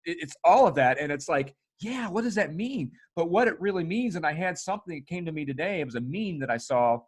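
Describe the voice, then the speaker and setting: Casual animated male podcast host. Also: on the high side, fast.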